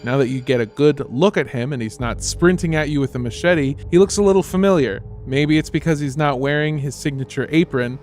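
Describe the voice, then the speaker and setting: A man's voice: a little high, a little fast, hardly any pauses, a little mellow, soft background music. A man narrating a tabletop horror game as game master, casual and full of fillers.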